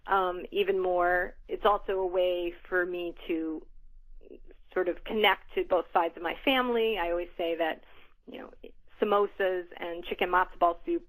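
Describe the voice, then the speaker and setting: Woman author, middle-aged, lowish pitch, thoughtful, hesitant ums. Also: fairly even intonation, moderate pace, low-quality recording. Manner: thoughtful, with frequent ums and restarts. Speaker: author guest. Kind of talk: conversational interview.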